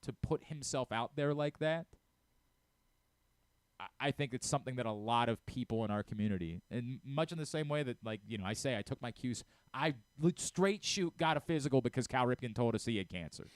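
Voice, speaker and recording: This sports talk radio host, a middle-aged man, has a medium-pitched, animated voice at a moderate pace, recorded with no room sound. His talk is heartfelt and emotional, with frequent stammers as he starts his sentences over.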